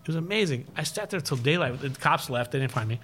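A man who paints graffiti, telling stories in a casual podcast chat, swearing a lot and laughing often, with rapid bursts of speech. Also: a little high, expressive, fairly bright tone, a little hiss or hum. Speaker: graffiti artist and live-stream host.

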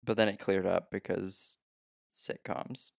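A man's voice: sits low, level tone, takes it slowly, vocal fry, no room sound, studio quality. A young man co-hosting a casual movie podcast, joking, swearing and laughing often. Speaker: podcast co-host.

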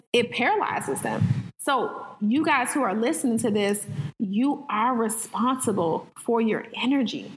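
In a large hall, a woman with a fairly high voice guests on a podcast, animatedly telling stories and acting out the dialogue in conversational talk. The recording quality is low.

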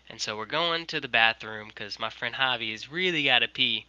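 A young man tells a long, animated anecdote over a video call and keeps slipping into what people said. His voice is very bright and edgy. The audio is dry and close, with no room around it. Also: mid-range voice, brisk, hardly any pauses, no echo, highs cut off. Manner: rambling, animated, quotes people. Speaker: guest, merch designer. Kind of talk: casual storytelling.

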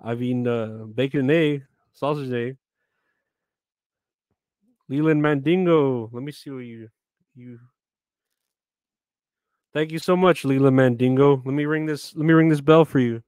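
A man's voice: medium pitch, a little slow, long pauses, a little mellow, clean tone, dry recording, studio quality. Laid-back man chatting on a live stream. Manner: laid-back, rambling, swears often, reads out chat names. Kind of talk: casual live-stream chat.

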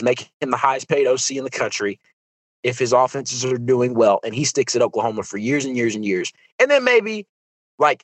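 A young man hosting a sports podcast in a casual, animated monologue. His voice sits at a middle pitch and sounds dry and close, with no room around it. He talks loosely, full of fillers and restarts. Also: dry recording, rough recording. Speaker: podcast host.

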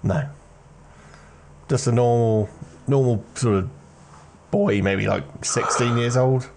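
A game master narrating a tabletop role-playing game in a relaxed, loose way. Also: mid-range voice, slow pace, gravelly.

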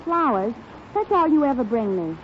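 Woman as a scheming wife, high voice, wisecracking, hissy tinny radio recording. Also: big pitch swings, normal speed. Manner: wisecracking, bossy. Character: scheming young wife, brassy and demanding. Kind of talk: 1930s radio comedy sketch.

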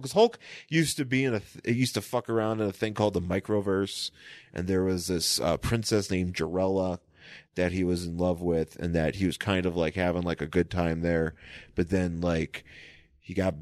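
A man co-hosting a podcast, chatting casually in a rambling, halting, profane way. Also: low-pitched, a little mellow, no room sound, studio quality. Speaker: podcast co-host. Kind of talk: casual comedic chat.

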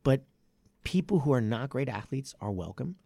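A man with a gravelly, slightly creaky voice talks martial arts on a podcast, rambling and correcting himself, then picking up energy when he drives a point home. The sound is dry and close, with no room in it. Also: mid-range voice, big pitch swings, normal speed, warm tone, no room sound. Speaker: martial arts academy owner and podcast host. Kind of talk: casual podcast chat.

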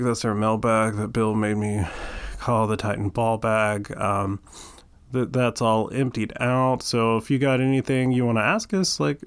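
A man's voice: lowish voice, no echo. A man hosting a casual podcast, rambling with lots of fillers and restarts, his voice stuffy from allergies. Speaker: podcast host.

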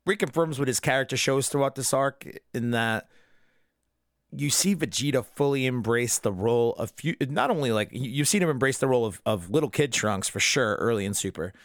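Young guy rambling excitedly about an anime episode, swears a lot, mid voice, dry close sound. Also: medium pitch, fairly quick, no room sound. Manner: profane, enthusiastic fan rambling. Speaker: podcast host. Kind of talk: casual episode recap.

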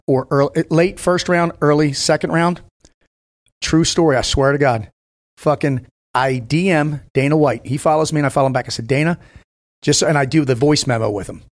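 A man in his fifties talks in a blunt, profane way, swinging into emphatic bursts as he tells stories. His voice sits a little high for a man, and he keeps it conversational, as a guest on a podcast. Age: 50s. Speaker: podcast guest, former Navy SEAL. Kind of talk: casual podcast chat.

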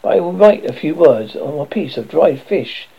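Kindly old woman in a storybook reading, read by a man; gentle, gravelly. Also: on the high side, lively intonation, moderate pace, heavily acted. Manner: gentle, sympathetic. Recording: dull lo-fi recording.

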